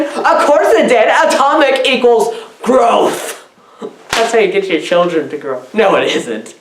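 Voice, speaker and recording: A woman's voice: animated, moderate pace. Giggly, rambling woman in a roomy echo. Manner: rambling, giggly, erratic swoops in pitch. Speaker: comic film reviewer. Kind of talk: absurdist comedy film review.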